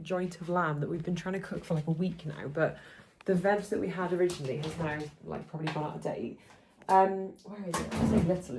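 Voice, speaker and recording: A woman's voice: fairly low pitch, warm tone. Rambly woman with a sore throat. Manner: rambling, chatty, many fillers. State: sore throat from hay fever. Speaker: vlogger. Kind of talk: casual chatty vlog. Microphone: phone held by hand.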